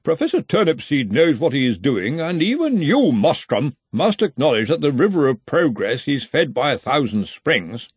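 A man voicing a cheerful, genteel, self-satisfied rival wizard, pitched well above his own voice. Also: very animated, moderate pace, few pauses, slightly rough, no echo. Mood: smooth. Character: smooth, cheerful, smug rival male wizard.

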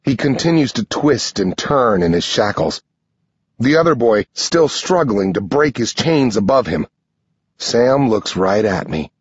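A man reading a first-person story aloud as an audiobook narrator, in slow, measured storytelling. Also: mid-range voice, husky, no echo, muffled recording.

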